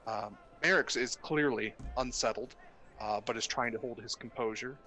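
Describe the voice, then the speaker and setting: A man narrating a tabletop game as game master, halting with many fillers. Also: medium pitch, bright, forceful tone.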